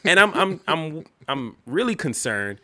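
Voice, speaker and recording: A man's voice: a little high, big pitch swings, measured pace, sharp tone. A man co-hosting a podcast in casual chat, laughing often and swearing. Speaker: podcast co-host.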